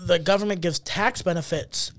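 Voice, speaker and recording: Man, podcast co-host, casual chat, rambling, high voice, dry close mic. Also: normal speed, no echo. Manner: animated, rambling with many fillers.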